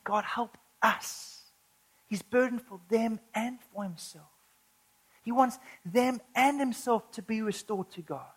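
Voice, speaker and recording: A woman's voice: on the high side, breathy edge, poor audio. Earnest woman preaching a sermon. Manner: earnest, builds to urgent emphatic stretches, slows for scripture.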